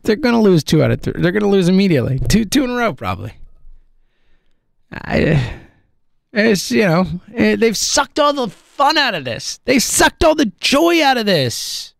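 A man's voice: high voice, creaky, no echo, clean studio sound. A man, ranting in frustration about his baseball team, rambling and laughing bitterly. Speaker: sports fan commentator. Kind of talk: ranting sports commentary.

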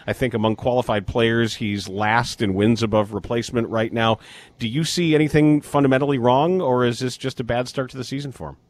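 A man hosting a casual baseball talk, measured and full of statistics. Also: mid-range voice, steady tone, no echo. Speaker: sports show host.

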